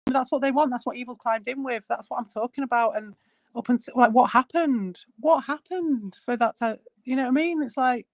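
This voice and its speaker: A woman's voice: a little high, brisk, dry recording. A woman streamer in casual chat, blunt and exasperated, swearing a lot.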